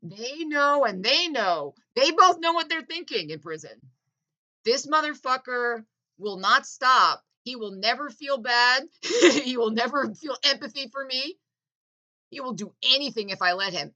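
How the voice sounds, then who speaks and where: A woman's voice: a little high, animated, a little slow, bright, forceful tone. A woman delivering a heated political rant to the camera, intense and emphatic, swearing often.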